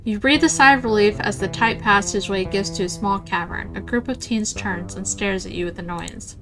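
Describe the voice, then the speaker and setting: A woman streamer reading game narration aloud in a plain, steady way. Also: medium pitch, moderate pace, over music.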